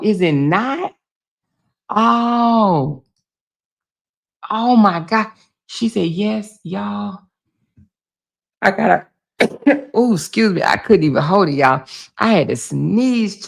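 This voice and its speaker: A woman with laryngitis hosting a casual livestream, talking loudly to her viewers, full of laughs and exclamations. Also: mid-range voice, creaky. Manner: loud, laughing, animated, talking to chat as "y'all". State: hoarse with laryngitis. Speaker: livestream host.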